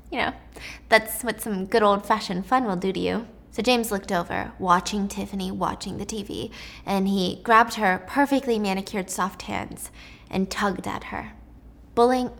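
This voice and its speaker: A woman telling a dark story in a casual spoken way, with chatty asides to the listener. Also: medium pitch, creaky.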